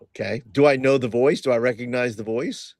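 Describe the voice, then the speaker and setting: A man playing a tabletop game, thinking out loud and hesitating as he plans his moves. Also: mid-range voice, brisk, no echo, studio quality. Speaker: player. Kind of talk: tabletop role-play as a player.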